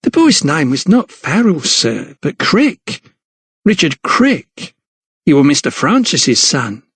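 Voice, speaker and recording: A man's voice: a little high, big pitch swings, takes it slowly, a bit bright, breathy edge, no echo, pitched above the performer's own voice, exaggerated voice. A man voicing a wary, guarded young woman in her early twenties in an audiobook.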